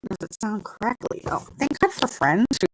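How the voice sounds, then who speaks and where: The audio is poor, with slight background noise, as a middle-aged woman speaks in a mid-range, sing-song voice at a moderate pace. She's a mindset coach doing a casual live stream at her computer table indoors, chewing gum, rambling, and chuckling at herself into a plug-in desk mic.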